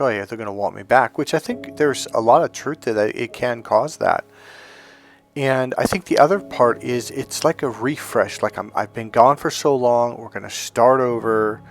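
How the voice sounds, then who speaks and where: A middle-aged man telling a personal story in a casual, rambling way, full of restarts and fillers. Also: medium pitch. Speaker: life coach and hypnotherapist.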